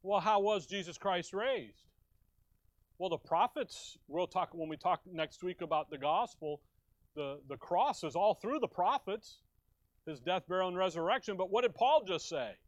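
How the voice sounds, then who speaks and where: Middle-aged guy from chicago preaching, jokey asides, kinda high voice. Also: lively intonation, moderate pace, no echo. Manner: folksy, joking asides to the congregation. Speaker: pastor. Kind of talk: sermon. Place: church.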